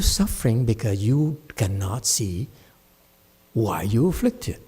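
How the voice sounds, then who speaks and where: A man's voice: mid-range voice, animated, measured pace, mellow, husky. A man giving a Buddhist dharma talk at a temple, blunt and scolding, mocking his students' whining. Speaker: meditation teacher.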